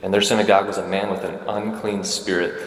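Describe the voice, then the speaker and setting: A man's voice: fairly low pitch, flat delivery, fast talker, echoey room, big-room sound, slight background noise. A man preaching a homily at Mass in a conversational way, often checking in with the congregation. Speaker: Catholic priest. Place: church.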